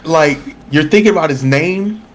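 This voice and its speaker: A man's voice: moderate pace, a little hiss or hum. A man as a guest on a stream, chatting casually and expressively, acting out lines as he talks. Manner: expressive, swings pitch widely when quoting. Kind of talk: casual chat.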